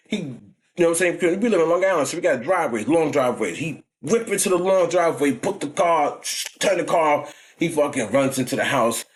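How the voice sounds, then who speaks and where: A man in his forties with a New York accent tells stories in a loose vlog style, full of slang and "you know what I'm saying." His pitch swings widely as he talks, and his voice sits a little high for a man. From New York, United States. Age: 40s. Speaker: vlogger. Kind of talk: casual storytelling.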